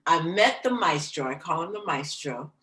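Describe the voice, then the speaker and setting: A woman jazz singer being interviewed, telling her stories with lively, theatrical flair and acting out the quotes. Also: deep voice, normal speed. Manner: animated, theatrical storyteller who acts out quotes. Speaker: guest, jazz vocalist. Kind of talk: casual storytelling interview. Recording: roomy echo.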